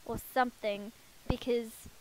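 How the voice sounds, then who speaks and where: High-voiced chatty woman gamer. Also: fairly even intonation, a little slow, a little hiss or hum, rough recording. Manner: chatty, self-deprecating, talks to her game characters. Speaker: let's play gamer. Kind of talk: casual game commentary. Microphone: headset.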